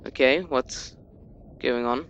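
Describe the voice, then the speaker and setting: A man's voice: mid-range voice, slow pace, a bit bright, highs cut off, a little hiss or hum. A young man giving casual commentary on a video game, rambling, joking and swearing freely. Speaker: let's play commentator.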